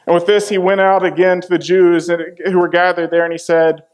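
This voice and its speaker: High-voiced man preaching a dramatic story. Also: level tone, a little fast, hardly any pauses. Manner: dramatic storytelling, acting out quotes. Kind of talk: sermon retelling a Bible passage.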